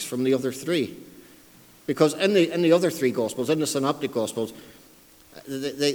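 A man preaching a sermon, emphatic and repeating key phrases for stress, with self-deprecating asides. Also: medium pitch. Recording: long hall reverb.

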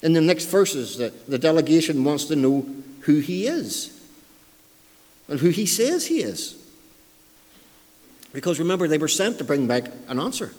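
A man delivers a sermon with an emphatic, repetitive style, driving home his points and dropping in wry asides about himself. His voice sits a little high for a man. The sound rings with the long reverb of a large hall. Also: very animated, moderate pace, long pauses, a little mellow. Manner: emphatic, repeats key phrases for stress. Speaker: preacher.

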